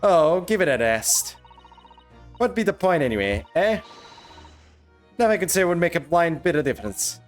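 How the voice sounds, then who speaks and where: A man's voice: a little high, very animated, moderate pace, long pauses, faint music behind. A man voicing a cynical, defiant young woman in a broad cockney-style dialect, blunt and dismissive, in a game read-through. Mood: scornful.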